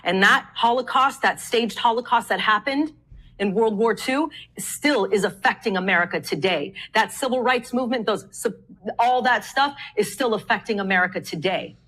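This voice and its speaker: A woman's voice: on the high side, moderate pace, a bit bright, low-quality recording. A woman answering interview questions assertively, now and then stumbling over her words when she is pushed.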